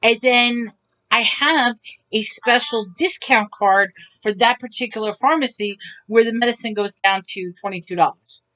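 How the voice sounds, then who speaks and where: A woman vlogger with a slightly high voice tells stories in a casual, rambling way. She acts out what others said as she goes. The recording sounds dull and lo-fi. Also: moderate pace. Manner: rambling, animated, acts out quotes. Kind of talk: casual storytelling.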